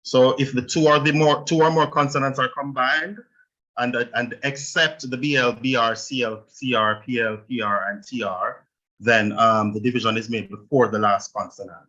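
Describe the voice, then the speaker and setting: Bright-voiced Jamaican man teaching Spanish. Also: mid-range voice, steady tone, normal speed, muffled recording. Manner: explains step by step, checks in with "right?". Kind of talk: online language lesson.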